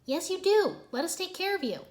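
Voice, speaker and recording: A woman's voice: very high voice, big pitch swings, brisk, voice pushed up. A woman voicing a brash, bossy young male ninja. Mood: cocky.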